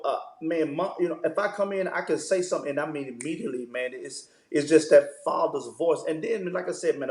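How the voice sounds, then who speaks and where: A man, a pastor, talks through fatherhood in a loose, story-filled way, dropping "man" into almost every thought. His voice sits a little high, and the room around him rings with echo. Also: a little mellow. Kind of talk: conversational interview.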